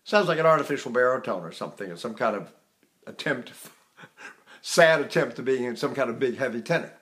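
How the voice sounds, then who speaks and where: A man's voice: medium pitch, a little fast. An older man teaching singing, talking casually and breaking into sung vowels and scales to demonstrate. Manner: animated, conversational, mocks bad technique with exaggerated sounds.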